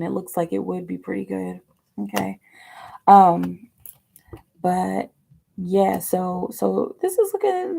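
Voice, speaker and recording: A woman's voice: on the low side, vocal fry, mellow. A woman giving a chatty live-stream tarot reading, rambling with lots of fillers and dropping now and then into whispered asides. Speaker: tarot reader.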